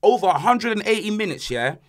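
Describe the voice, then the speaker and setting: A young man hosting a casual banter podcast, ranting and joking in an animated way. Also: high-pitched, a little fast. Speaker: podcast host.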